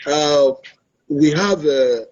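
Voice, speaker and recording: On dull, lo-fi online stream audio, a Nigerian man hosting a talk show speaks very slowly in a slightly mellow voice on the high side. His monologue is opinionated, earnest and preachy, and he keeps repeating his points.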